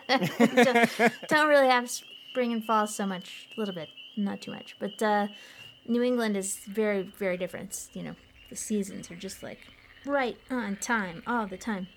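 A woman's voice: medium pitch, a little slow, slight background noise. A woman from Colorado co-hosting a podcast, telling stories in a chatty, giggly way. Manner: chatty and giggly, animated storytelling. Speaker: podcast co-host. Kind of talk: casual chat.

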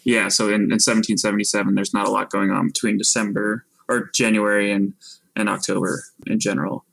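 Low gravelly laid-back man. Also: level tone, fairly quick, fairly bright tone, no room sound, poor audio. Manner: laid-back, hedging, offhand. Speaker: podcast co-host. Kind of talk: casual chat.

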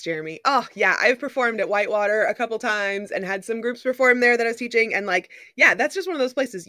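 A woman's voice: on the high side, pushed and bright, no room sound, studio quality. A woman co-hosting a casual podcast, upbeat and confident as she reads listener questions. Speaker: podcast co-host. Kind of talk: casual chat.

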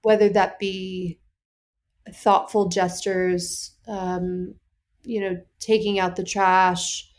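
She's a young woman talking openly on a podcast, animated and playful. She slips into quick put-on voices when she quotes herself or others, then drops back into her easy chat. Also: mid-range voice. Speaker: podcast guest. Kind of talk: candid podcast conversation.

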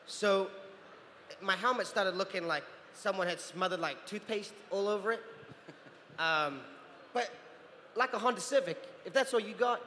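A man in his thirties from New Zealand, telling animated stories as a guest on a convention panel and acting out other people's voices. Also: high voice. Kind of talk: anecdotal storytelling. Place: large convention hall. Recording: convention hall with reverb and faint noise.

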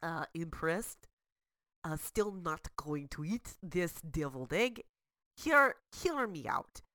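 Here is a mock Russian skeptic, as a woman puts her on in a comedy bit. She speaks in a thick fake Russian accent with stiff, broken phrasing. The voice sits fairly low and sounds dry, with no room around it. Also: lively intonation, takes it slowly, pushed and bright, no room sound, heavily acted. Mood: deadpan. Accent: exaggerated fake Russian.

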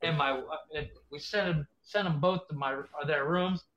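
A man hosting a casual podcast chat, an animated storyteller who laughs between his lines. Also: on the high side, normal speed, highs cut off. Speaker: podcast host.

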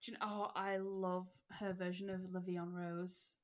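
A woman's voice: fairly low pitch, flat delivery, normal speed. A woman co-hosting a casual podcast, gushing with enthusiasm. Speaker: podcast co-host. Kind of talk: casual chat.

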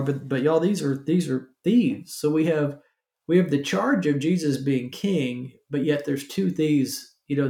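A male pastor at a mid-range pitch, talking his congregation through scripture in a loose, chatty way. He keeps asking "right?" and fills gaps with "uh", and his voice rings around a roomy hall. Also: a little mellow. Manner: casual, asks "right?" often, many fillers. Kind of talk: conversational sermon.

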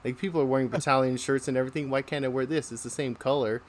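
A man imitating a naive, cheerful young soldier in a story, with an eager, innocent tone and a slightly raised pitch. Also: steady tone, rapid-fire, a little hiss or hum, natural voice.

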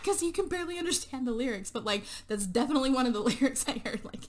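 A woman's voice: high-pitched, animated, quick pace, a crowd in the background. A woman co-hosting a podcast, recapping a movie plot in casual chat, rambling along with lots of fillers and laughing as she goes. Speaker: podcast co-host.

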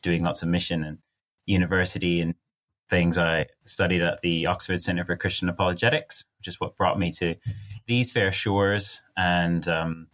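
A man's voice: low-pitched, a bit bright. A young man from rural Virginia with a mid-Atlantic accent, a pastor talking earnestly as a podcast guest. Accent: mid-Atlantic, American with British traces. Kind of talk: casual podcast conversation.

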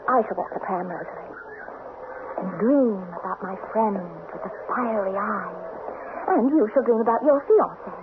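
An actress playing a secretive, romantic young countess in a 1970s radio drama, emotional and breathless. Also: female voice, mid-range voice, expressive, moderate pace, lightly acted. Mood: dreamy. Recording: tinny, noisy old radio broadcast.

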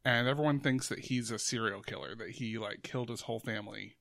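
A man's voice: medium pitch, quick pace, gravelly, a bit bright, no echo. Rambling man with a dry close sound. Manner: rambling, many fillers and restarts. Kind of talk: casual chat.

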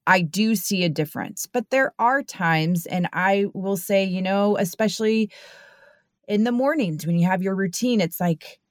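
A woman's voice: mid-range voice, normal speed, no echo, studio quality. A woman hosting a podcast, talking in an earnest, rambling way with frequent restarts. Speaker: podcast host. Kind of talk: casual interview chat.

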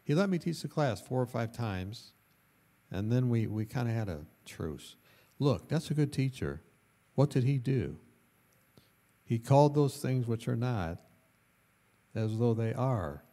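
A man preaching a sermon who tells stories with animation. His voice sits at an ordinary middle pitch and jumps to loud bursts at the high points, with laughter along the way. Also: lively intonation, a little slow, pauses often. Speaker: pastor. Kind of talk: storytelling sermon.

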